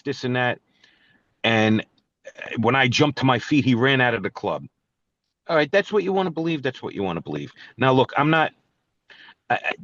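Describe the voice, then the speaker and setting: A man's voice: mid-range voice, a bit bright, no room sound. A middle-aged man, a guest telling his side of a feud and calling someone out in a profane, confrontational way. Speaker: guest musician. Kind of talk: angry storytelling and call-out. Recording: dull, dry studio recording.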